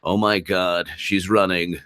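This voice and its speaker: A man's voice: low voice, fairly even intonation, slow pace, a bit bright, smooth, dry recording. A man hosting a live-stream political commentary show, talking emphatically, repeating himself and answering viewers' comments. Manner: emphatic, repeats himself, reads super chats aloud.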